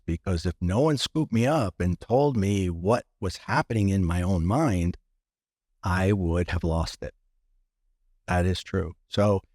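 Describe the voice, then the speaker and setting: A man's voice: sits low, a little mellow, dry recording, clean studio sound. A man guest on a podcast, telling a personal story with many restarts and acting out what others said.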